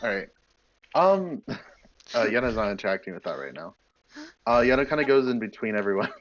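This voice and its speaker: A man's voice: on the low side, big pitch swings, fairly quick, dull audio, slight background noise. A man playing a tabletop game, describing his character hesitantly with many fillers and polite apologies. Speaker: player.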